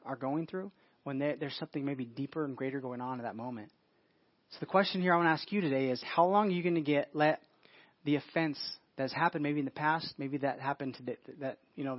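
Male pastor, rapid informal sermon delivery that keeps restarting phrases, dry close recording. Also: a little high, dry recording, dull audio. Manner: informal, restarts phrases, asks the listeners questions. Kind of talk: conversational sermon.

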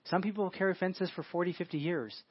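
Fast-talking preacher with a dull, dry sound. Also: male voice, high voice, slightly rough, no echo. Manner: informal, restarts phrases, asks the listeners questions. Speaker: pastor. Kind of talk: conversational sermon.

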